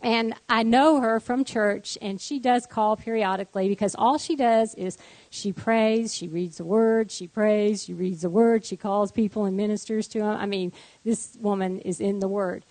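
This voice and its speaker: A woman tells her faith testimony as a guest. She speaks in an animated storytelling way, and the sound is dry and close. Her voice sits at a middle pitch. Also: normal speed, no room sound, low-quality recording. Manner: animated storytelling, voice rising high in acted quotes, laughing.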